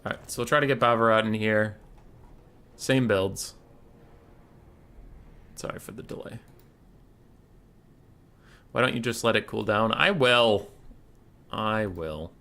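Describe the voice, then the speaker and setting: A man with a bright, forceful voice chats casually on a live game stream. He drifts from mumbled asides into laughing, swearing rants, reading chat aloud and answering it as he plays. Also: fairly low pitch, takes it slowly, long pauses. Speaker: streamer hosting a strategy game tournament.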